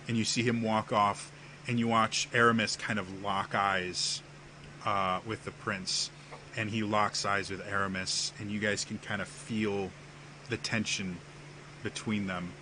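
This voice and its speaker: Slow, hesitant male game master. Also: lowish voice, little pitch movement, pushed and bright, a little hiss or hum. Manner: slow, hesitant, many fillers. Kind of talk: narrating a tabletop game.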